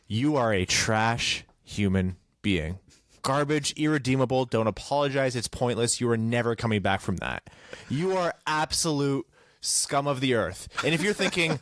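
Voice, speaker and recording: A man's voice: mid-range voice, a bit bright, dry recording. Man, podcast co-host, casual chat, ranting, self-mocking, dry sound.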